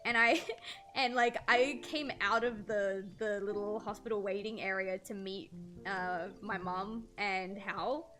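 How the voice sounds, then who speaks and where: A woman's voice: mid-range voice, steady tone, measured pace, music in the background. A young woman streaming while she draws, telling stories in a rambling, slangy way and swearing freely. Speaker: streamer and artist. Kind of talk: casual livestream chat while drawing.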